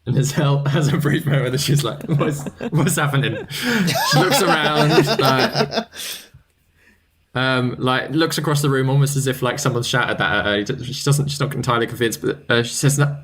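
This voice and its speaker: A man narrating a tabletop game as game master, in a casual, halting way. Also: mid-range voice, steady tone, a bit bright. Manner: casual, hesitant with fillers.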